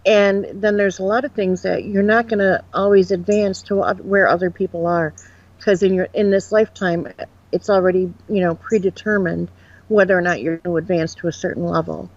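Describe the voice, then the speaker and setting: A woman's voice: lowish voice, dry recording. A woman from Upstate New York, a guest psychic medium, rambling frankly and animatedly through her experiences in a casual interview. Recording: dull lo-fi sound.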